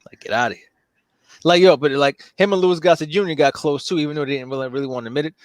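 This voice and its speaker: A man's voice: fairly high pitch, very fast, no echo. A man in casual chat, telling a movie plot with lots of filler, cursing and acted-out character voices. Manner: animated storytelling, heavy profanity and filler.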